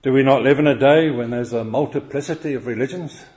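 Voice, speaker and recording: A man delivers a sermon in an earnest, emphatic way, leaning on rhetorical questions to drive each point home. His voice sits at an ordinary, mid-range pitch for a man. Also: fast talker, a little mellow. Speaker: preacher.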